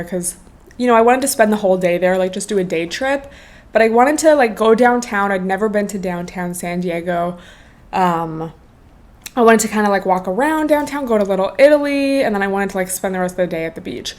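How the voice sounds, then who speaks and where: A young woman hosts her own podcast and chats her way through a story. Her talk is loose and filled with "like" and "bro", with swearing dropped in casually. Her voice sits at a middle pitch for a woman. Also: fast, a little mellow. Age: 20s. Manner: chatty, swears freely, lots of "like" and "bro". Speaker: podcast host.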